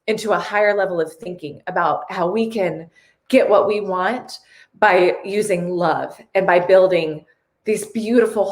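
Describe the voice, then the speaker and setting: A woman's voice: fairly low pitch, roomy sound. A woman hosting a casual live stream, earnest and tearful, reading viewer comments aloud.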